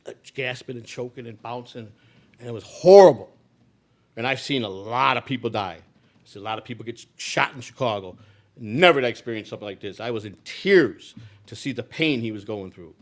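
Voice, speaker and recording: A man telling a personal story in a live speech, blunt and profane, with frequent restarts. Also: medium pitch. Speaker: speaker.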